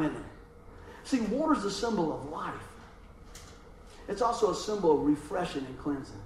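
A middle-aged man preaching a sermon, telling animated stories and often asking the congregation "amen?". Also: high voice, far from the mic. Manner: animated storytelling, frequent call-and-response "amen?". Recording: echoey room with faint ambient noise.

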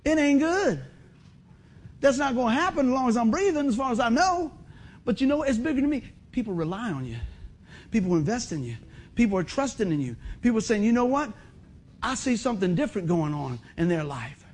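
A middle-aged man preaching a sermon in a folksy, animated way, acting out other people's voices. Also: extremely high pitch, brisk. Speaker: pastor.

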